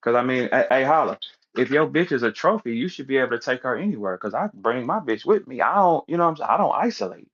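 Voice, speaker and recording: A man's voice: mid-range voice, quick pace. A man in a heated, profane casual rant, telling stories and acting out other people's voices. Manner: profane, animated storytelling, acts out voices of others. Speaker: online audio room speaker. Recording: dull lo-fi audio stream.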